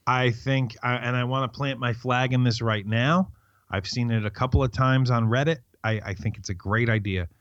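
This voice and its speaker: A middle-aged man co-hosts a movie podcast, chatting casually and telling long, rambling stories while interrupting himself. His medium-pitched, fairly bright voice has fairly even intonation and a moderate pace, recorded with no room sound in a dry, slightly dull lo-fi quality.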